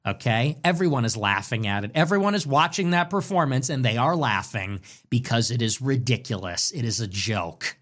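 A man's voice: mid-range voice, expressive, moderate pace, hardly any pauses, a bit bright. A man commentating in a solo monologue, emphatic and repetitive in short punchy sentences.

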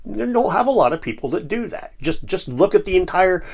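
A man's voice: sits high, big pitch swings, brisk, vocal fry, darkish tone, breathy edge. Conversational man hosting a commentary vlog. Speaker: YouTube host.

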